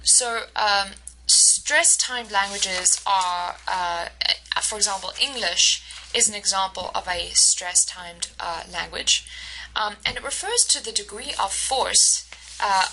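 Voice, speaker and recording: A woman instructor giving a recorded lecture, explaining step by step and often pausing to search for words. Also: mid-range voice, pushed and bright, a little hiss or hum, rough recording. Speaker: university instructor.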